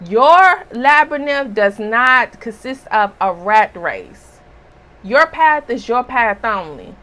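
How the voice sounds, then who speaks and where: Spiritual reader, woman, slightly hoarse; slow, emphatic, preachy delivery with a bright edge. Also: a little high, big pitch swings, rough recording. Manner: emphatic and preachy, with rhetorical asides. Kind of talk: casual spiritual reading.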